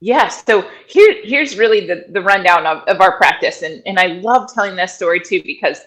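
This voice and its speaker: A middle-aged woman, a guest in an interview, telling stories in a lively conversational way and acting out other people's words. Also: on the low side, moderate pace, low-quality recording. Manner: animated storyteller, acts out quoted people in raised voices. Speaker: guest, functional medicine director and former doula.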